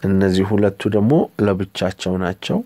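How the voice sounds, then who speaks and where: A man with an Ethiopian accent, a native Amharic speaker, teaching English by slowly and carefully repeating model phrases. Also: deep voice, little pitch movement, mellow, no room sound. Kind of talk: language lesson.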